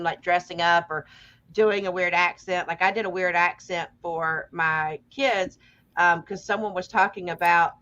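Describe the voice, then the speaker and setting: A woman's voice: on the low side, pushed and bright, dull audio. A woman co-hosting a live show, chatting candidly with plenty of fillers. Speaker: co-host. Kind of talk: casual chat.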